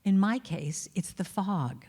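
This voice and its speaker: A woman's voice: medium pitch, animated, slow pace, mellow, husky, long reverb tail. A woman giving a chatty, playful inspirational talk at a spiritual center, laughing now and then. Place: church hall.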